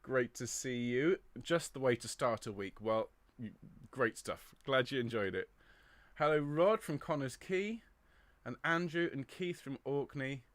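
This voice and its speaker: Chatty choir director on a dry mic. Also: male voice, medium pitch, unhurried, fairly bright tone, no room sound. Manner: chatty, greeting viewers by name. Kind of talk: livestream rehearsal chat. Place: home studio.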